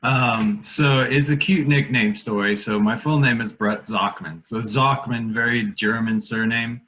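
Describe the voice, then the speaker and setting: A man's voice: mid-range voice, steady tone, a little slow, a bit bright, muffled recording. A man from Denver, Colorado, a guest on a video call, telling stories in a friendly, easygoing way. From Denver, Colorado, USA. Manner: friendly storyteller, easy laugh. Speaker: guest, nonprofit founder. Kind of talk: casual webinar interview.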